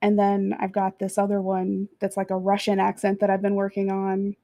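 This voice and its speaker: A woman from Texas, a voice actor and podcast guest, chatting casually about her work, talking in quick bursts and laughing often. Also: medium pitch, monotone, mellow.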